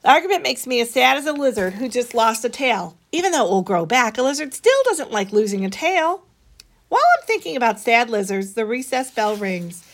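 A woman reading a children's story aloud, expressive, with a bright, animated delivery. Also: fairly quick. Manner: expressive, voices the children's dialogue higher.

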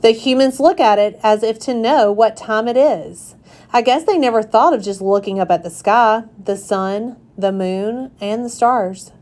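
A woman reading a children's chapter book aloud in a gentle storytelling manner. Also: fairly high pitch, measured pace.

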